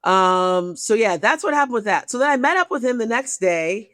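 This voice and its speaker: A woman comedian telling a dating story on a podcast, profane and animated, acting out the people she quotes. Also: fairly high pitch, normal speed, no echo. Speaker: guest comedian.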